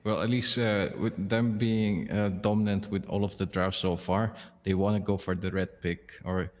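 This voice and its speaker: Calling the action live, this lower-pitched male esports caster is animated and exclaims readily. A long reverb tail hangs on his voice.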